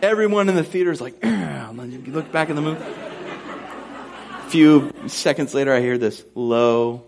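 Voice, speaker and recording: A man's voice: medium pitch, a little slow, gravelly, a crowd in the background, noisy background. Storytelling male pastor preaching. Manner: storytelling, animated, self-deprecating humor. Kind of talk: sermon with personal story.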